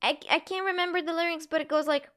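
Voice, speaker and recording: A young woman with a high voice hosts a casual live stream. She giggles often and reacts to chat messages one after another in a loose, chatty way. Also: steady tone, fast, fairly bright tone. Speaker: Twitch streamer.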